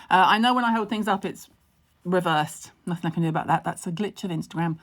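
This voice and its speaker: A woman's voice: on the low side, quick pace, slight background noise. A woman on a casual phone livestream from home, answering viewers' skincare questions in a chatty way with frequent "um" fillers.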